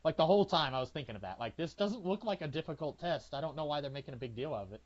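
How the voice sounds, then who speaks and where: A man with a slightly raised pitch rambles through casual movie review chat, halting often and stacking "uh" and "like". His voice comes through a dull, lo-fi recording. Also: lively intonation. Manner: rambling, halting, with many fillers and restarts. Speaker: podcast co-host. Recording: lo-fi, dull sound.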